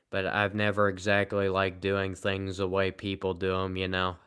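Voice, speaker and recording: A man with a Southern American accent, chatting casually on a livestream and answering comments in a rambling, deadpan, self-mocking way. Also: fairly low pitch, measured pace, hardly any pauses, clean tone. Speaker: live streamer.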